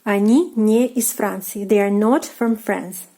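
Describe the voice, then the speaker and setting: A woman with a Russian accent explains grammar in a slow, unhurried way, pausing often on ums and uhs. Her voice is soft and mellow, never sharp. She repeats each example phrase patiently, as a teacher writing on a board. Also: medium pitch, rough recording. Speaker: language teacher.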